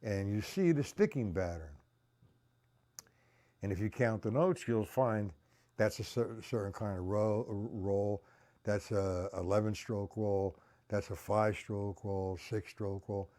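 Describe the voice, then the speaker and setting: A man's voice: lowish voice, dark tone. A man giving a live-streamed drum lesson, counting beats aloud, blunt and repetitive, often checking that viewers understand. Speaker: drum teacher.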